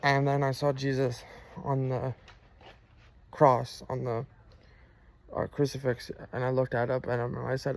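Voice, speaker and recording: A man with a gravelly, creaky voice tells his personal testimony in an earnest, halting way. His pitch stays flat and even as he stops and restarts his sentences, with frequent fillers. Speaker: person sharing a religious testimony.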